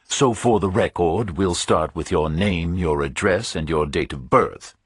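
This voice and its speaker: A stubborn chief of detectives in his forties, played by a male narrator, with a deep, rumbling voice. He speaks formally, precisely and slowly, in a husky tone. The sound is close and dry. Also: no echo, exaggerated voice.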